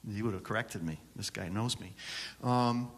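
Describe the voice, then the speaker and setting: In a conference hall with long reverb, a man from Syracuse, New York jokes and banters with a live audience while presenting a songwriting workshop. He speaks at a moderate pace with a fairly low pitch.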